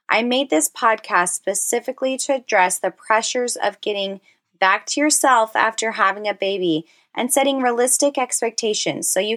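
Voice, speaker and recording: A woman's voice: medium pitch, a bit bright. A woman in her thirties, a personal trainer hosting her own podcast, talking casually and encouragingly, with frequent fillers like "like". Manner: encouraging, heartfelt, chatty with frequent "like".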